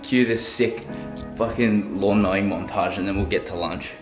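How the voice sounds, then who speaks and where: A man's voice: low-pitched, normal speed, loud music behind the voice. A young man with an Australian accent, vlogging casually, joking, swearing and poking fun at himself. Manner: joking, swearing, self-deprecating. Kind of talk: casual vlog.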